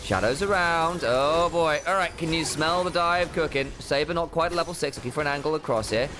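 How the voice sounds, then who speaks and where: A man doing jokey, animated play-by-play commentary on an esports match. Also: fairly high pitch, fairly quick. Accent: put-on casting accent. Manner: animated, jokey, rising excitedly on big plays. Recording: game music behind the commentary.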